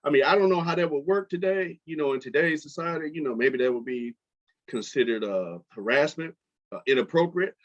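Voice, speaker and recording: A middle-aged man hosting his podcast, telling a personal story in a casual, animated way with lots of fillers. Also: fairly high pitch, fairly quick. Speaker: podcast host. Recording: dull lo-fi podcast audio.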